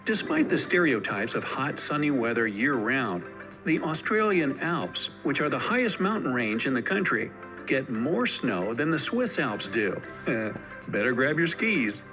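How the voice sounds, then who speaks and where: A man's voice: mid-range voice, sing-song, a little slow. A man giving scripted list narration with light jokey asides. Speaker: narrator of reacted video. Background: background music.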